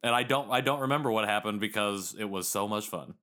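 A man's voice: fairly low pitch, fast, pushed and bright. A man co-hosting a podcast, chatting in a playful, joking way. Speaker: podcast co-host. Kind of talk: casual chat.

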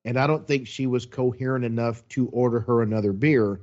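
A guest is deep into a long, casual story, animatedly acting out everyone's lines in a relaxed, chatty way. His medium-pitched voice moves briskly. The recording sounds slightly muffled and lo-fi.

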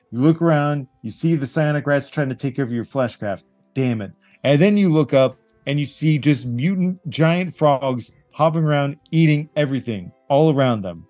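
A man's voice: on the high side, a little mellow, no echo. A man running a tabletop game as game master, vividly setting scenes and encouraging the players.

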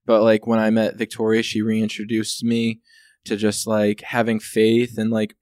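A man's voice: lowish voice, completely flat delivery, normal speed, darkish tone, smooth, no room sound, clean studio sound. A man talking in casual podcast chat as a guest, heartfelt and rambling with many fillers.

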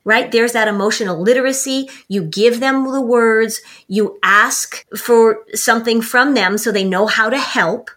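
A woman's voice: fairly high pitch, fairly bright tone. A woman on a parenting podcast, explaining directly and acting out short example dialogues. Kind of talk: podcast conversation.

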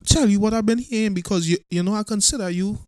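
Animated high-voiced male storyteller. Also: fast, no echo. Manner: animated storyteller acting out quotes. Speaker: podcast co-host. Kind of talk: casual storytelling chat.

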